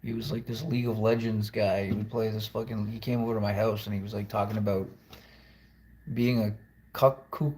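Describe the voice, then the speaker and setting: A man's voice: on the low side, little pitch movement, brisk, darkish tone. A man rambling through a confessional video monologue, blunt and profane, wandering from thought to thought. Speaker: musician vlogger.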